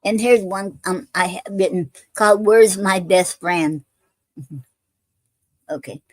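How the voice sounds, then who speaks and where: A woman hosting a poetry livestream who invites guests to read, then recites her own poems in an unhurried way, with plenty of fillers and pauses between them. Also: medium pitch, no echo, rough recording.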